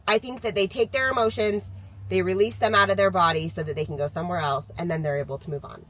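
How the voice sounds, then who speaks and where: A woman's voice: fairly low pitch, fairly even intonation, fast, fairly bright tone, poor audio. A woman in her thirties, a mother chatting candidly to camera about parenting, laughing now and then as she talks. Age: 30s. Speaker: mom sharing parenting views. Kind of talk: casual talking-to-camera vlog.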